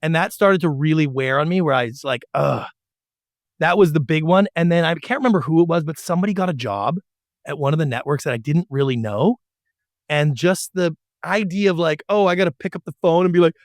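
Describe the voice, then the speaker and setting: A middle-aged man with a fairly high voice tells his story in an animated way. He jumps into little voices to act out emails and phone calls. The sound is close and dry. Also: brisk, dry recording. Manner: animated storyteller who acts out quotes. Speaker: guest, former TV producer. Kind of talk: storytelling interview.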